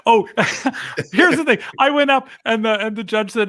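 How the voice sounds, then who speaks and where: A man's voice: very high-pitched, unhurried, hardly any pauses, sharp tone, dry recording, studio quality. A man, a guest comedian, chatting casually on a podcast, telling jokey stories and acting out the people in them. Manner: storytelling, jokey, acts out quoted people.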